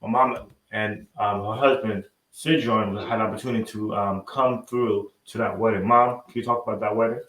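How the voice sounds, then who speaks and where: A young man hosting a casual interview with his parents, soft-spoken and halting. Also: on the low side, fairly even intonation, echoey room, low-quality recording.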